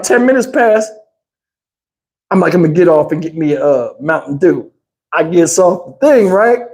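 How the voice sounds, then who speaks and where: A man telling a profane road story on his channel, animated and cussing, acting out everyone involved. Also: sits high. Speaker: channel host.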